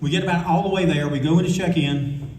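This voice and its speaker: A man's voice: fairly high pitch, fairly even intonation, fast talker, a little mellow, slight background noise. An older man telling casual, profane stories on a convention panel, acting out the people he quotes. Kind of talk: live anecdotal storytelling. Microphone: audience recorder at a distance. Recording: echoey room from far off, faint ambience.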